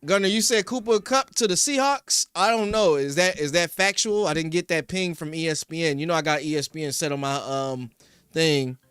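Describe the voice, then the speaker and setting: A young man from Philadelphia hosts a sports talk stream, rambling and answering his chat by name. His voice sits high and bright, with a forceful edge when he gets heated. It is recorded dry and close on a podcast mic, with faint music underneath. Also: moderate pace, clear, resonant tone, no room sound. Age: young adult. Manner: rambling, reads chat names, rises to heated rants. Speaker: sports show host. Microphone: studio podcast mic.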